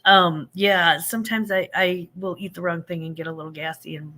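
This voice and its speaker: Hosting a relaxed live-stream, this fifty-something woman speaks in a fairly low, steady, sharp-edged voice at a moderate pace. Her chatter wanders cheerfully with plenty of fillers and false starts, and she warmly calls her viewers sugar and honey.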